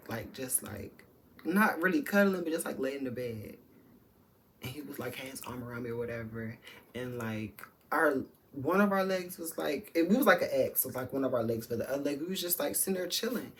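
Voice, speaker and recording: Woman vlogger, low voice, candid and profane storytelling, chatty and direct to camera. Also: a little hiss or hum. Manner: candid and profane, talks straight to viewers; chatty, many fillers and restarts. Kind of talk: storytime vlog.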